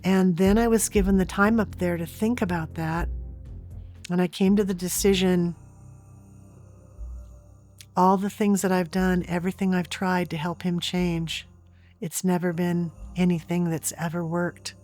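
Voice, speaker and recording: A woman's voice: fairly low pitch, level tone, measured pace, pauses often, darkish tone, faint music behind. A woman guest in an interview, earnestly and vividly retelling a personal experience.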